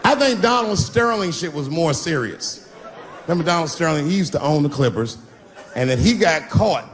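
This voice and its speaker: A man in his fifties doing a stand-up routine on stage, swinging from loud bursts to low mutters. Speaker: stand-up comedian. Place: stage before a live audience. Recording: live show with loud crowd noise. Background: audience laughter.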